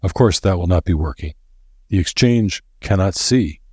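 A man's voice: sits low, a little mellow, husky, dry recording, clean studio sound. A man voicing a grim, solemn old professor who lays out grave warnings in a storybook reading. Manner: grave and deliberate.

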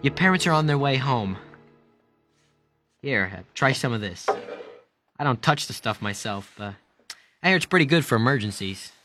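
A cocky teenage boy with a smart mouth, as a woman acts him, speaking low for her and swinging widely up and down. Music plays behind him in this radio drama. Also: expressive, normal speed, pauses often, a bit bright. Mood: wry. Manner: flippant quips.

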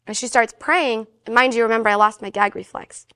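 A woman guest recounts her personal faith story in a quick, animated way, briefly acting out the people in it as she goes. Her voice sits a little high. The sound is close and dry. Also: clear, resonant tone, no echo. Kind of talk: casual spoken storytelling.

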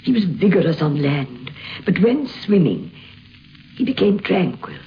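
A woman telling memories of a friend in an old archival interview, in a gentle storytelling manner. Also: on the low side, big pitch swings, a little slow. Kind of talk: archival reminiscence. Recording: dull lo-fi archive recording with faint background hiss.

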